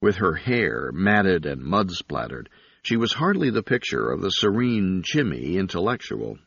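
A man narrating an audiobook in a steady, even reading. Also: deep voice, moderate pace, vocal fry, breathy edge, dry recording. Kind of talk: scripted narration. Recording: slightly dull recording.

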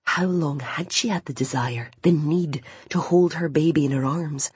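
Husky-voiced woman narrating a novel. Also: sits low, normal speed, no room sound. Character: Imogen, determined young blind woman wanting a baby. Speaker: audiobook narrator.

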